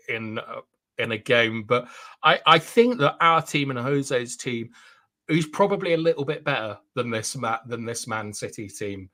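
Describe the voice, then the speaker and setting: A man talks casually on a football livestream, often pausing and restarting his thoughts. His voice has a bright, forward tone. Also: medium pitch. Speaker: livestream co-host.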